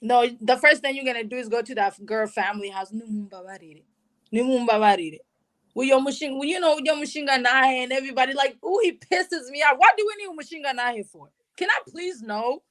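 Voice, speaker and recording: A woman from Burundi telling her personal story in an interview, emotional and animated, with casual slang. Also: sits high, fast, few pauses. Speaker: guest sharing personal story.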